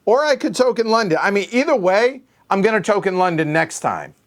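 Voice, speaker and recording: Fairly quick and high-pitched, with big swings in pitch, a middle-aged man who hosts a board game show mutters his way through a solo game. He counts aloud under his breath and keeps correcting himself.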